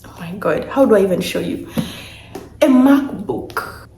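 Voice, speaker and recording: A young woman unboxes gifts in a casual vlog, gushing and repeating herself with emotion. Her voice is fairly low, quick, creaky and a little mellow, recorded in an echoey room with faint noise.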